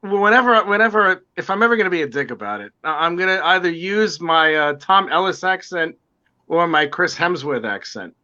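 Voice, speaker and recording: High bright-voiced man with a New York accent. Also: animated, normal speed. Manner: joking, swearing, rambling. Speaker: guest artist. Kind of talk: casual video call chat. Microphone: video call. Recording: dull lo-fi video call audio.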